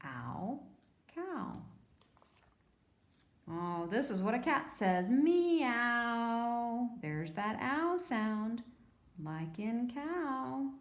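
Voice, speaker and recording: Woman teacher, phonics lesson, very slow pace, patient sounding-out, echoey room. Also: on the high side, sing-song. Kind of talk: phonics lesson for young children.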